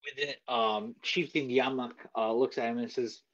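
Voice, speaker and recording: A man's voice: medium pitch, steady tone, moderate pace, few pauses, a bit bright. Man GM narrating a tabletop session, plain mid voice, slightly muffled recording. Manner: narrates with fillers, slips on names. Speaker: game master.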